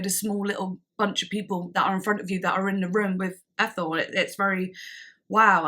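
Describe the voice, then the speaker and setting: A woman's voice: mid-range voice, a bit bright. A young woman telling a story on her vlog, chatty and giggly, acting out bits of dialogue and using lots of fillers. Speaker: vlogger.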